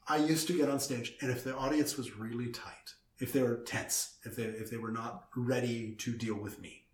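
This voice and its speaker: A man hosting a casual chat at a table, teasing his co-host and stalling with slow breathing exercises. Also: medium pitch, steady tone, recorded from a distance. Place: indoors at a table. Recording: roomy echo.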